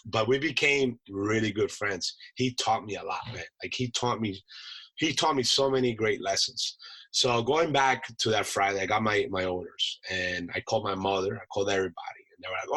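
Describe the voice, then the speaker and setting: Bright-voiced man telling animated stories. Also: lowish voice, normal speed, rough recording. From United States. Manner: animated storyteller acting out voices, laughs often. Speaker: podcast guest, Marine veteran chef. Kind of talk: casual storytelling.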